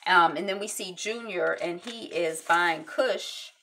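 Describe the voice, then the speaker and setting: A woman casually recapping a TV episode, with lots of ums and quick acted-out quotes from the scenes. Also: fairly low pitch, slight background noise. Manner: chatty, many ums, acts out quotes in lively voices. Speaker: TV recap host.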